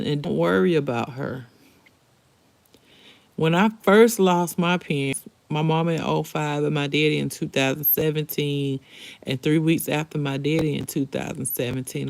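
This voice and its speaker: A woman's voice: deep voice, gravelly, darkish tone, no echo. A middle-aged woman hosting a live stream, chatting candidly and emotionally straight to her viewers. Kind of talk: casual live-stream chat.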